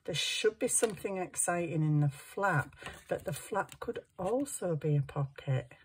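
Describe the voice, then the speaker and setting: Slow, low-voiced woman chatting. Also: expressive, slightly rough. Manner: chatty, talks to herself while working. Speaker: crafting vlogger. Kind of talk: casual crafting chat.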